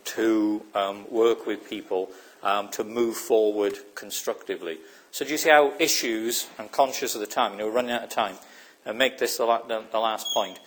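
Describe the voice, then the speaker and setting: A man's voice: lowish voice, a bit bright. A man giving a lecture in a reflective, hesitant way, often asking his listeners whether they follow. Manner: reflective, checks understanding with repeated questions; hesitant, many fillers and restarts. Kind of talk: recorded lecture.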